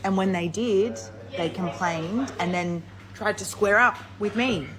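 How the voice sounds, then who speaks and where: A woman's voice: medium pitch, unhurried, a crowd in the background, poor audio. A woman vlogger giving an earnest, emphatic warning in a casual vlog.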